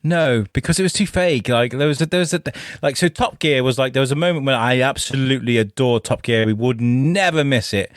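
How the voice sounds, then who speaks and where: A man's voice: medium pitch, fairly quick, hardly any pauses, dry recording, clean studio sound. A man co-hosting a podcast, joking around and swearing freely in casual chat. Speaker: podcast co-host.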